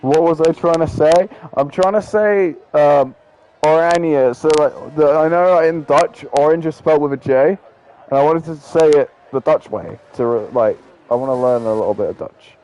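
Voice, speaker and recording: A man's voice: on the high side, moderate pace, darkish tone, slight background noise, rough recording. A man giving casual live commentary on a sim race, with lots of filler ums and a loose, chatty way of talking.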